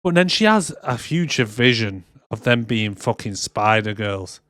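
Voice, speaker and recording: A man co-hosting a casual movie review podcast, sarcastic and quick to swear as he acts out scenes. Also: on the low side, lively intonation, fairly bright tone, no echo, studio quality. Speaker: podcast co-host.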